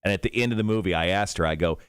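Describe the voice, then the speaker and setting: A man's voice: low voice, clean tone, dry recording, studio quality. A man co-hosting a radio show, chatting casually and laughing easily. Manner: animated, quick to laugh.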